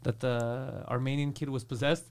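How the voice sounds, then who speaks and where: A man co-hosting a casual podcast chat, telling brash, animated school stories and swearing freely. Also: mid-range voice, normal speed. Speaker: podcast co-host.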